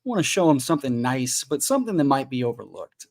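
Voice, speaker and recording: A man guesting on a podcast, telling stories in an animated, joking way. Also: mid-range voice, quick pace, few pauses. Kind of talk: casual comedic chat.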